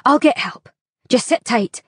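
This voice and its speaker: A woman voicing a nervous young woman who helps a crash victim, tremulous but growing calm and businesslike. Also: high-pitched, a little slow, slightly rough, no echo, studio quality, pitched above the performer's own voice, exaggerated voice. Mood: anxious reassuring.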